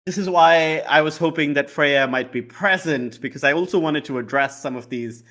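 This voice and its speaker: Casting note: male game master, chatty, slightly high voice. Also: moderate pace, a bit bright. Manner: chatty, laughs easily. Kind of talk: narrating a tabletop game.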